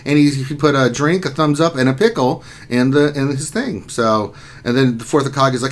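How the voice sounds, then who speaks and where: A man hosting a relaxed lunchtime stream, talking in an easy, joking way. He reads out viewer comments and greets people, his voice sitting in an ordinary middle register. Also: mid-range voice, moderate pace. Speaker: livestream host. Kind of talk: casual livestream chat.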